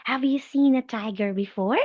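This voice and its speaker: A woman teaching English to a young child in a demo lesson, slow, animated and encouraging, with animal sounds. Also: fairly high pitch, no room sound, lo-fi sound.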